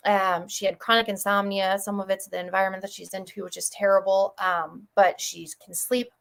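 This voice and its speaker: A woman from Connecticut, a chiropractor talking as a guest on a broadcast, tells patient stories in a quick, chatty, effusive way. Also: medium pitch, a bit bright. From Connecticut, USA. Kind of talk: casual storytelling on a broadcast.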